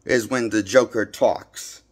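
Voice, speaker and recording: This man's casual film review, shot on a handheld phone, is blunt, rambling, and repetitive. He speaks slowly in a fairly low, steady voice with a breathy edge.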